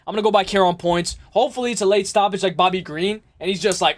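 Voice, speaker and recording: A man hosting a live stream, chatting casually and excitably with his viewers and laughing often. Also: high-pitched, fast, a little hiss or hum. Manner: excitable, laughs often, talks straight to chat. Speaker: livestream host.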